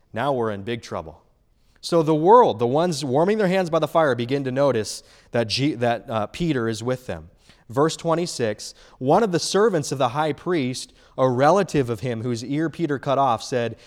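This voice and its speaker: A male preacher delivering a sermon, animated and emphatic, repeating key phrases for weight. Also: medium pitch, unhurried.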